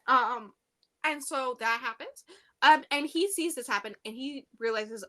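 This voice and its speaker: Bright high-voiced young woman recapping. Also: normal speed. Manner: animated retelling, acts out quotes in a high squeal. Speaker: podcast co-host. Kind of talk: casual book recap chat.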